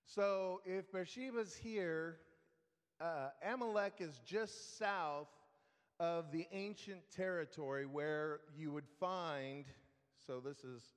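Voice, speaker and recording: Slow-speaking, high-voiced man teaching Bible. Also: clear, resonant tone, in a large hall. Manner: slow, conversational, with fillers and restarts. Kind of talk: Bible study lecture.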